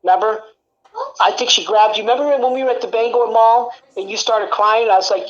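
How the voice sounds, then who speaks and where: High-voiced woman venting angrily, profane. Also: fairly even intonation, fairly quick, dull audio. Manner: angry, profane venting, many fillers. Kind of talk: casual recorded conversation. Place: home.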